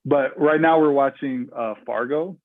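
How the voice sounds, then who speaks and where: A man's voice: medium pitch, a little slow. A man from Minnesota talks casually as a podcast guest, rambling and full of fillers and restarts. His voice comes through a thin, tinny remote line. The sound is dry, with no room echo. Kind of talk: casual interview chat.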